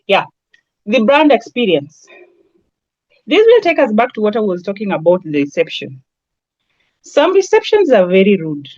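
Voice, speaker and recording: A woman's voice: mid-range voice, wildly swooping pitch, normal speed, long pauses, a little mellow, no echo, muffled recording. A woman with a Kenyan accent giving a lecture on branding, talking in a conversational way with everyday examples. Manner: conversational, with lots of everyday examples and Swahili asides. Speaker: branding trainer.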